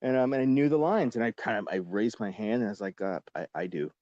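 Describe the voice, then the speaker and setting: A man in his forties, a guest actor on a podcast, telling a casual and lively story with lots of fillers and the odd swear word. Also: mid-range voice, quick pace, no echo, lo-fi sound.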